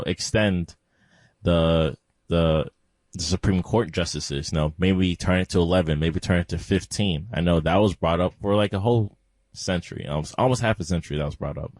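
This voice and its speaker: A man co-hosting a casual podcast, relaxed and even-tempered, who laughs easily and trails off in hesitations. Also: deep voice, no room sound. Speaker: podcast co-host.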